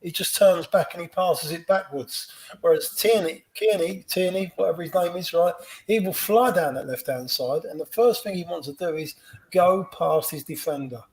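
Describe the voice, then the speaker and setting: Man, higher pitch, enthusiastic rambling football talk, podcast co-host. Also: normal speed, rough recording. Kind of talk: casual football chat.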